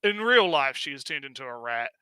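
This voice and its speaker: A man recapping a story in casual stream chat, swearing often, laughing and stumbling over his words in excitement. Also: medium pitch, fairly quick, clean tone, dry recording. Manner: profane, excitable, laughing, with many fillers. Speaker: co-host of a review stream.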